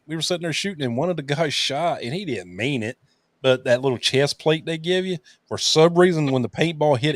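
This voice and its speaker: A man's voice: medium pitch, no room sound. A man co-hosting a podcast, telling stories in a blunt, joking casual chat.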